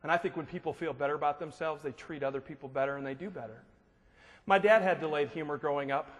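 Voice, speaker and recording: This man has a slightly high voice and talks fast, giving a humorous motivational speech full of jokes and animated stories. He's addressing a live audience in a large hall, captured with long reverb and faint noise.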